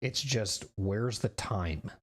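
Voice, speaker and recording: A man in his forties chats slowly on a gaming livestream in a lowish, slightly bright voice, with faint background music and a little noise. He rambles, repeats phrases, and pokes fun at himself.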